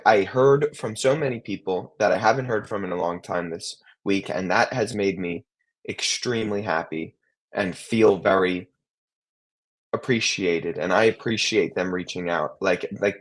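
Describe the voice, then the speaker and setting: A man's voice: sits low, measured pace. A man in his twenties, co-hosting a podcast in casual chat, rambling with many restarts and fillers. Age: 20s. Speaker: co-host.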